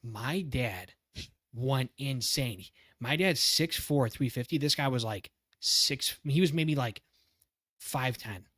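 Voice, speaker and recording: A young man co-hosting a podcast, telling a story in a casual, animated way, swearing often and laughing as he goes. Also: medium pitch, takes it slowly, no echo, clean studio sound. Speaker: podcast co-host.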